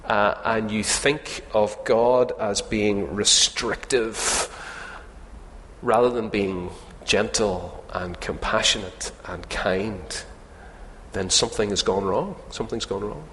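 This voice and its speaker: A man's voice: lowish voice, slow pace, fairly bright tone, slight background noise. A man preaching a sermon to his congregation, conversational and humorous, often asking them questions. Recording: long hall reverb.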